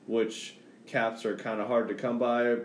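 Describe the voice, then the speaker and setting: Casual podcast dude rambling about games, swears a bit, roomy echo. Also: male voice, mid-range voice, flat delivery, a little slow, slight background noise. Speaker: podcast co-host. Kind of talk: casual chat.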